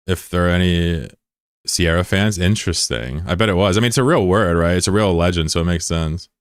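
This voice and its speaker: Low-voiced joking streamer man. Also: brisk, smooth, no room sound, studio quality. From United States. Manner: joking, profane, rambling asides. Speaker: live streamer. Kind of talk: casual chat, reading out viewer comments.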